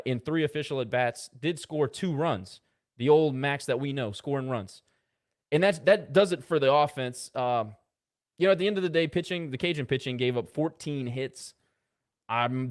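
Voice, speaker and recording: A man co-hosting a casual sports podcast, rattling off box-score stats with quick asides. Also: mid-range voice. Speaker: podcast co-host.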